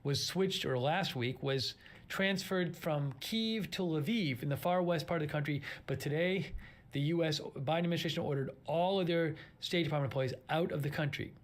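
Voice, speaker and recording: A man hosting a laid-back livestream. He talks in a fairly high voice, easygoing and hesitant as he works through an update. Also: moderate pace, a little hiss or hum. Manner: relaxed, hesitant with fillers and restarts. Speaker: livestream host. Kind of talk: casual news update on a livestream.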